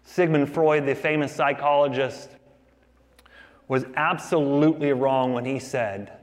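A man preaching a sermon in a dramatic way, rising to loud declarations and dropping to near whispers. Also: mid-range voice, a little slow, in a large hall. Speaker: pastor.

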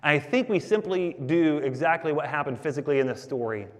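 A man preaching a sermon as the pastor, talking to the congregation in a conversational, animated way. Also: a little high, a little fast, big-room sound.

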